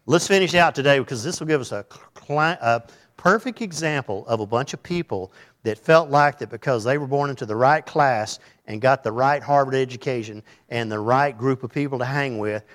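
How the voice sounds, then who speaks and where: Folksy teasing male preacher. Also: mid-range voice. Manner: folksy, teasing, shifts between loud and hushed. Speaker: pastor. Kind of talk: sermon.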